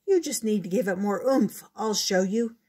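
A woman reading a storybook aloud and voicing a hearty, easygoing father bear in a husky voice. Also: medium pitch, lively intonation, normal speed, a little mellow, voice pushed up, lightly acted. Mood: relaxed.

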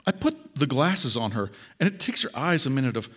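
A man reading his own short story aloud in a measured, expressive way. His voice sits at an ordinary middle pitch for a man, steady through the first-person narration. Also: husky. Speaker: author.

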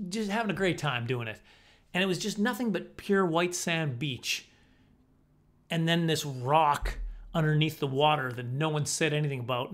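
A middle-aged man with a slightly high voice tells stand-up comedy stories. He is animated and self-deprecating, and he often breaks into acted-out voices.

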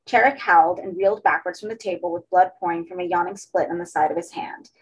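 A woman reading a horror story aloud as an audiobook, in steady narration. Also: lowish voice, fast talker, husky, rough recording. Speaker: audiobook reader.

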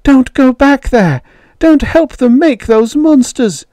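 A frightened mother pleads in a shrill, desperate voice, pitched far up, with her lines dragged out slowly, as a male audiobook reader puts her on. The reading is dry and close, and her pitch swings wildly. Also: expressive, dark tone, no echo, full character voice. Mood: pleading.

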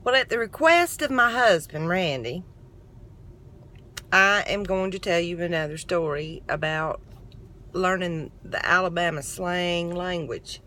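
A middle-aged woman, telling a down-home story to camera in a chatty, lively way. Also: on the low side, a little slow, a little hiss or hum. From Texas. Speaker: vlogger.

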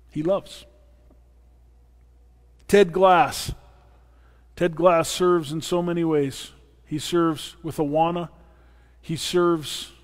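Earnest pastor in a reverberant church. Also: male voice, a little high. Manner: earnest and personal, with playful asides. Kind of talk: sermon. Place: church sanctuary. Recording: long reverb of a church hall.

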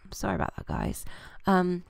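British gaming channel girl rambling through a let's play, lowish gravelly voice, dry sound. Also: huge pitch swings, a little fast, darkish tone, dry recording. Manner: chatty and rambling, with many fillers. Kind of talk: casual let's-play commentary.

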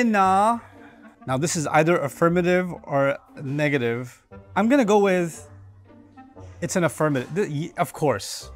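A man casually and playfully guessing the meaning of slang words, thinking aloud and joking at his own guesses. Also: fairly high pitch. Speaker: speaker reacting to slang list. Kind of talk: casual comedic monologue.

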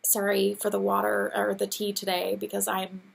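A woman's voice: mid-range voice, monotone, normal speed, creaky, breathy edge. A woman in her thirties hosting her own show, chatting casually and gushingly, her voice a little scratchy. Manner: chatty, gushing, laughs often. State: teary. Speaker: podcast host. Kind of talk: casual chat.

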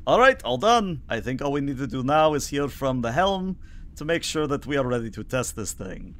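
A man's voice: mid-range voice, sing-song, moderate pace, fairly bright tone, a little hiss or hum. A man voicing a wry female alien crew member in a tabletop game. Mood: cheerful.

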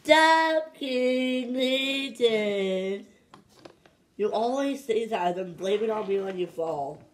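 A woman talks in a playful, casual vlog manner at an unhurried, drawn-out pace. Her mid-range voice jumps into sharp yelps and loud outbursts now and then. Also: mid-range voice, slight background noise. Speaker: vlogger. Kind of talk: playful holiday vlog chatter.

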